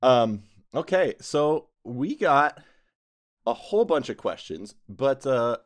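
A man's voice: medium pitch, expressive, takes it slowly. A man hosting a casual group podcast, rambling and correcting himself with frequent laughs. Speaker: podcast host and game master.

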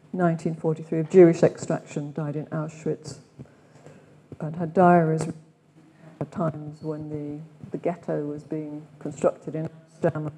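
Older english lady giving a reflective retreat talk, soft warm tone, asks lots of questions. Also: low voice, in a large hall, slight background noise. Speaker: retreat leader. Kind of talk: retreat talk with read-aloud quotations. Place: meditation centre room.

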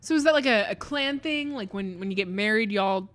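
A woman's voice: mid-range voice, expressive, a little fast, fairly bright tone, lightly acted. A woman voicing a flustered, blunt male doctor in an improvised comedy podcast story, asking exasperated questions.

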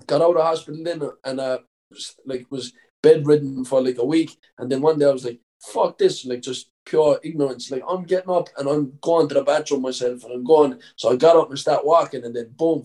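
A man's voice: fairly high pitch, a little mellow, low-quality recording. A young Irish man, a professional fighter, telling stories in a casual interview, rambling with lots of fillers and swearing.

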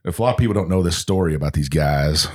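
A man's voice: sits low, fast talker. A man with a Southern American accent, co-hosting a podcast in laid-back casual chat. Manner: laid-back, explains stories. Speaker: podcast co-host.

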